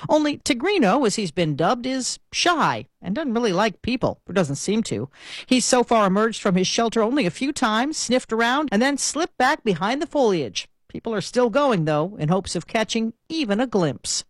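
A woman reporter telling a light news feature in a lively way. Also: fairly high pitch, normal speed, no room sound, studio quality.

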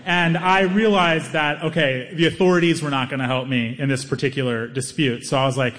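A man telling a stand-up story, lively, acting out other people's lines. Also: brisk, hardly any pauses. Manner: animated, acts out other people's lines in higher voices. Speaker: stand-up comedian.

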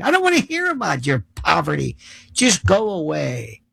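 Male commentator, sarcastic ranting monologue, gravelly voice, dry close sound. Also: fairly high pitch, normal speed, dry recording, rough recording. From United States. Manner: sarcastic, animated, mocking voices. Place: New York City.

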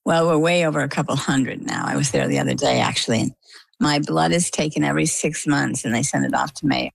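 An older woman from coastal Maine, interviewed as a guest, tells stories in a chatty, vivid way, quoting dialogue as she recounts events. Her voice is deep, creaky, and husky, fairly quick, with no room sound.

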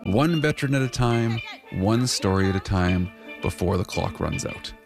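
A man's voice: lowish voice, expressive, normal speed, creaky, music in the background. A man co-hosting a radio show, teasing and bantering and reading segment teasers. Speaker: host.

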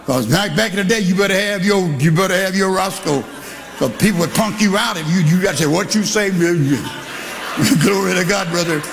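An older man preaching a sermon, telling a story and shouting to a congregation in call-and-response. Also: high voice, moderate pace, creaky. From Texas. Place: church hall. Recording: live in a reverberant church with congregation.

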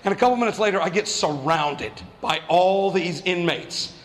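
A man doing stand-up comedy, telling a story fast and animatedly and acting out the voices of the people in it. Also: high voice, long reverb tail. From New Mexico.

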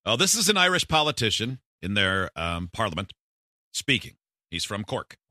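A man's voice: on the low side, normal speed, no room sound, studio quality. A man hosting a radio show, chatting casually and playfully with his co-hosts. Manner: playful, animated. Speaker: radio host. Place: radio studio. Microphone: studio mic.

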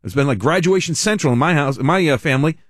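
A man's voice: fairly high pitch, expressive, fast talker, no room sound, clean studio sound. A man hosting a talk radio show who talks in a rambling, chatty way, repeats himself and stops to correct himself mid-sentence. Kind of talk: rambling live ad read.

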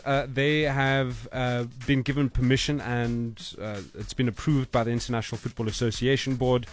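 Steady-voiced sports presenter. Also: male voice, mid-range voice. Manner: steady explanatory, patient. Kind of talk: sports news chat.

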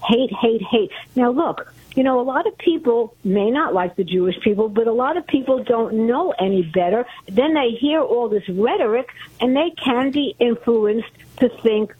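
A woman's voice: on the high side, lively intonation, normal speed, breathy edge. A woman from Brooklyn calling in to a talk radio show, chatty and earnest. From Brooklyn, New York. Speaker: caller. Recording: tinny phone line.

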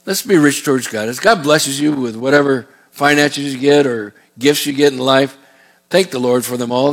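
A middle-aged man preaching a sermon as a pastor, reading scripture slowly and deliberately with folksy asides. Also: medium pitch.

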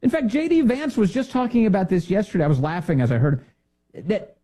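A man's voice: sits high, lively intonation, brisk, mellow. A man hosting a political commentary show, talking in a sarcastic, indignant monologue full of rhetorical questions. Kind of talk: opinionated monologue.

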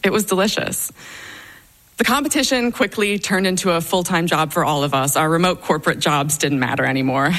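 Young woman telling a funny story on stage, low voice, dry wit. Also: brisk, a bit bright. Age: young adult. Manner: wry, dryly humorous storytelling. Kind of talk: personal story told on stage.

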